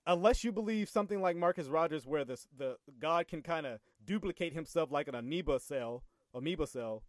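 A man's voice: on the high side, animated, brisk, dry recording, studio quality. A man in a heated theological debate, pressing the other side with pointed questions and laughing off jabs.

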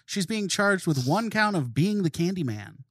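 A man's voice: high-pitched, very animated, normal speed, fairly bright tone, no room sound, studio quality. A man co-hosting a comedy podcast, teasing the others and laughing a lot. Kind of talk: casual comedy banter, reading jokes.

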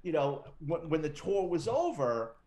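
A man's voice: a little high, sing-song, measured pace, dark tone. A middle-aged man, a retired police detective, telling stories as an interview guest in a casual, profane, wisecracking way and acting out other people's quotes. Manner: profane, wisecracking storyteller who acts out quotes.

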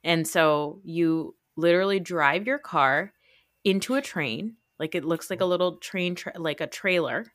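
Podcast host, woman, lowish pitch, lively storyteller who swears casually. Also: unhurried, no room sound, studio quality. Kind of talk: casual chat.

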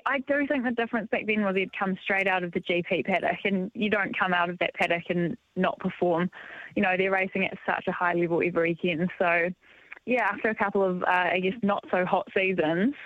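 A woman's voice: mid-range voice, fairly quick, no room sound. A woman talking casually on radio as a motorcycle racing pundit, enthusiastic and often filling with ums and yeahs. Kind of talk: casual radio sports chat. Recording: dull, dry lo-fi line.

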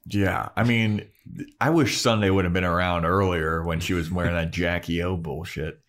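A man's voice: sits low, fairly even intonation, moderate pace, fairly bright tone. A man co-hosting a podcast, recapping an episode in breezy, profane casual chat. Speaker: podcast co-host.

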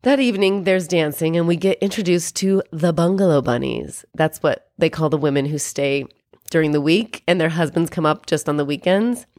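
A woman's voice: sits low, moderate pace, a little mellow, dry recording, studio quality. A woman co-hosting a podcast, chatting casually and animatedly as she recaps a movie, swearing now and then. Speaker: podcast co-host.

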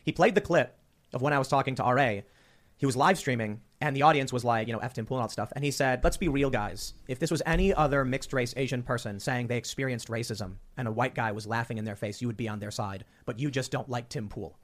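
Man, podcast host, from Chicago, talks very fast, emphatic, restarts words. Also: medium pitch. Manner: rapid, emphatic, repeats words when pressing a point. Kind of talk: casual chat.

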